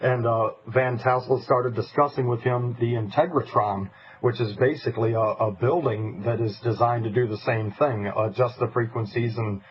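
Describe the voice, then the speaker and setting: A man's voice: mid-range voice, steady tone, normal speed. Man interviewing on a dull radio line. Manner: conversational, hesitant with fillers. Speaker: radio show co-host. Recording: dull lo-fi radio recording with faint hiss.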